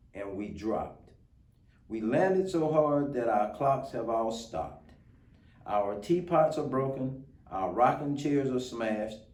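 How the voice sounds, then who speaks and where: A man's voice: medium pitch, darkish tone, natural voice. A man voicing a tiny, cheerful male mayor of a speck-sized town who pipes up eagerly. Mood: distressed. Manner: chirpy, piping and eager. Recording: roomy, distant mic.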